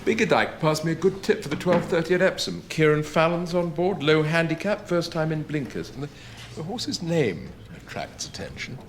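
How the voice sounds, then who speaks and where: An actor playing a chatty, wry barrister fond of betting. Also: male voice, on the high side, lively intonation, moderate pace, lightly acted. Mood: jovial. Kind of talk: TV drama acting. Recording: background hiss.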